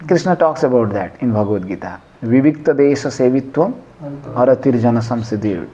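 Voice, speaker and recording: A man's voice: mid-range voice, lively intonation, fairly quick, dark tone, highs cut off. A man giving a devotional scripture class in a conversational way, quizzing listeners and chanting Sanskrit verses. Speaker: lecturer on scripture.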